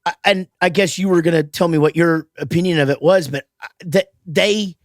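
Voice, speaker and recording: A man's voice: on the high side, a little fast, dry recording, clean studio sound. A man hosting a podcast, chatting casually, rambling with restarts and swearing freely. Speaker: podcast host. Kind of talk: casual chat.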